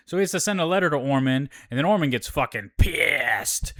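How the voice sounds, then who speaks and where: A man's voice: a little high, animated, a little fast, few pauses, fairly bright tone. A man hosting a casual show recap, talking in a laid-back, profane way with lots of fillers.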